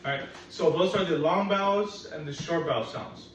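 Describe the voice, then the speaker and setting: A woman's voice: fairly low pitch, moderate pace. A woman teaching phonics to young children, patient, repeating vowel sounds and teasing that she will trick them. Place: classroom. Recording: echoey room from far off, faint noise.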